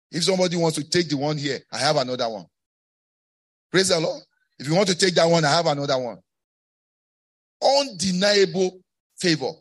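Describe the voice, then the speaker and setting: Male pastor, middle-aged, slightly raised pitch, call-and-response sermon with rising shouts. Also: husky. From West Africa.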